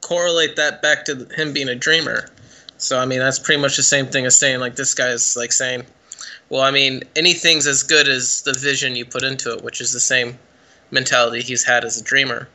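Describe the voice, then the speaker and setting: A man's voice: mid-range voice, steady tone, a little fast, sharp tone. A man co-hosting a casual podcast, joking around and offering his reading of a film's themes. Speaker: podcast co-host. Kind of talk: casual chat.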